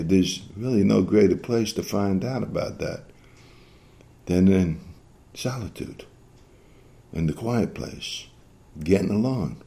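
Deep gravelly-voiced male preacher. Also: warm tone. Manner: earnest, exhorting, repeats phrases. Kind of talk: sermon.

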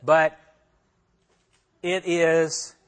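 A man's voice: a little high, level tone, extremely slow, clear, resonant tone. A man teaching a Bible passage as a pastor, conversational, asking his listeners questions and repeating himself as he talks it through. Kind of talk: expository sermon.

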